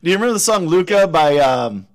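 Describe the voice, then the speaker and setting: Rambling, creaky-voiced man swearing. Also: fairly high pitch, lively intonation, fast. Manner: rambling, swears freely, stumbles over words. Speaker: podcast host. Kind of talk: casual chat.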